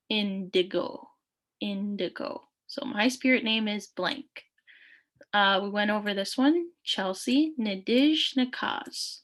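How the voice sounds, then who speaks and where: A woman from Thunder Bay, Canada, leads a beginners' lesson with patient, unhurried speech. She says each new phrase twice, slowly, and fills her pauses with "um" and "uh". Her voice sits in an ordinary middle pitch. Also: a bit bright. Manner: patient, repeats phrases slowly with many fillers. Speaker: language teacher. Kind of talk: online language lesson.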